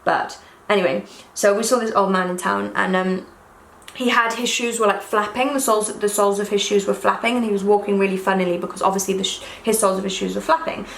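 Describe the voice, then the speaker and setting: A woman's voice: mid-range voice, fairly even intonation, fast talker, vocal fry. Young girl chatting away while doing her makeup, gushy and rambling, echoey room w a bit of background hum. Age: young adult. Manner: rambling and gushing, full of fillers and restarts. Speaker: YouTuber. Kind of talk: casual get-ready-with-me chat while doing makeup. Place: room in her own house. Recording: echoey room with faint ambience.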